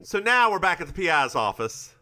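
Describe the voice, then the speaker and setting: A young adult man co-hosting a podcast, chatting casually and telling stories quickly, acting out the quotes. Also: high-pitched. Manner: animated, quick storytelling with acted-out quotes. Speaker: podcast co-host. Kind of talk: casual chat.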